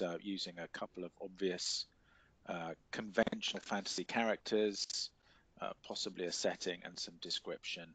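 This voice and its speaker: A man's voice: low voice, husky, dry recording. A man with an English accent teaching a literature class, explaining in a hesitant way with many fillers. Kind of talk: classroom lecture and discussion.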